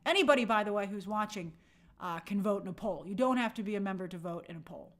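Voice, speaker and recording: A woman's voice: medium pitch, animated, quick pace. A woman hosting a live stream, casually reading out viewer comments and thinking aloud with frequent fillers. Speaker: host.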